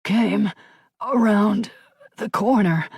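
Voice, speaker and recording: A woman narrator voicing a wounded older male janitor who gasps out broken, halting phrases in an audiobook. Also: high-pitched, gravelly, slightly rough, dry recording, studio quality, voice pushed up, exaggerated voice. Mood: weak, gasping. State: gasping, barely conscious. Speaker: audiobook character.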